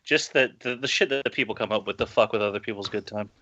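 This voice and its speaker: A man's voice: on the low side, fast, pushed and bright, lo-fi sound. A man co-hosting a casual podcast, telling a rambling story and laughing as he goes. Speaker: podcast co-host. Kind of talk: casual group chat.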